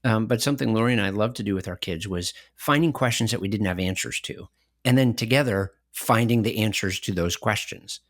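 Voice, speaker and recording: A middle-aged man with a low voice, co-hosting a podcast and telling anecdotes with animated energy, often breaking into laughter. The sound is dry and close, with no room around it. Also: fairly quick, dry recording. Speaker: podcast co-host. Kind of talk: conversational podcast discussion.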